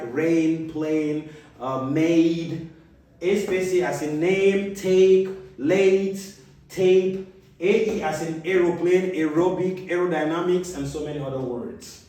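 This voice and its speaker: A man teaching a phonics lesson, repeating letter sounds and example words slowly, recorded in an echoey room. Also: on the high side, fairly even intonation, a little mellow, distant mic. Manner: slow, drawn-out repetition of sounds and example words. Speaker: reading teacher.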